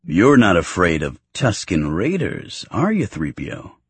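A man voicing a gruff, mischievous older farmer who loves to tease. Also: deep voice, normal speed, no echo. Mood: teasing. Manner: teasing, boisterous.

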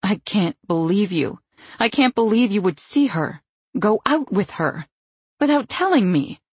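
A woman voicing a stern, protective middle-aged mother who speaks in a brisk, clipped, firm way. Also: medium pitch, expressive, breathy edge, dry recording, pitched above the performer's own voice.

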